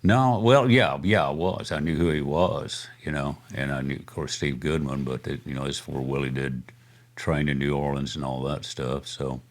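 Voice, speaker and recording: Deep-voiced older man, rambling stories. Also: steady tone, normal speed. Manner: rambling, chuckling anecdotes with many fillers. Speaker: guest musician. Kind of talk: casual storytelling interview.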